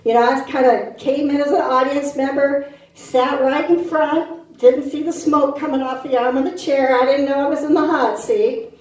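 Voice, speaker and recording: A woman's voice: high-pitched, fairly even intonation, normal speed, darkish tone. A middle-aged woman doing a stand-up set on a club stage, punchy and brash, bantering with the crowd. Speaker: stand-up comic. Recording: very echoey club from a distance.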